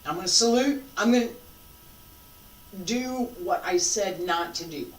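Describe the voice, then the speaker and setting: Martial arts instructor, slow delivery, casual check-ins, roomy echo, distant from mic. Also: medium pitch, lively intonation, slight background noise. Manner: casual, checks in with frequent "all right?" and "okay?"; calls out breathing cues slowly. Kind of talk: spoken class instruction with demonstration.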